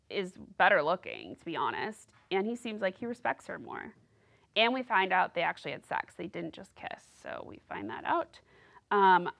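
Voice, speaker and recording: On her relaxed solo podcast, the host gossips and wanders from topic to topic, filling her talk with "like." Her medium-pitched voice carries vocal fry and a fairly bright tone.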